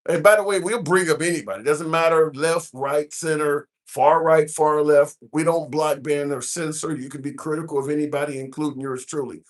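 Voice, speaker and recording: A man's voice: fairly high pitch, steady tone, normal speed, few pauses. Chatty Midwestern man hosting a livestream. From American Midwest. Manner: chatty, reads comments aloud, frequent fillers. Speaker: livestream host. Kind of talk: casual live-stream chat. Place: cruise ship at sea.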